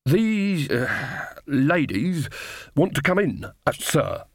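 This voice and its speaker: A man's voice: on the high side, very animated, slow, no echo, clean studio sound, exaggerated voice. A man voicing a nervous male guard corporal who stammers with many hesitations. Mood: flustered.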